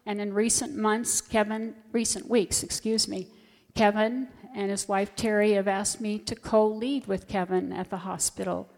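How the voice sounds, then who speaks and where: A woman's voice: medium pitch, fairly even intonation, normal speed, a little mellow. A middle-aged woman, a volunteer hospital chaplain, sharing a heartfelt testimony in church. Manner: earnest, heartfelt storytelling. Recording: long church reverb.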